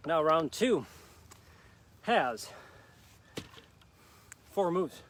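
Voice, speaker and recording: A man with a fairly high, fairly bright, animated voice speaks very slowly while coaching a live workout outdoors on park grass. He's upbeat and sweaty, out of breath as he urges viewers on with countdowns.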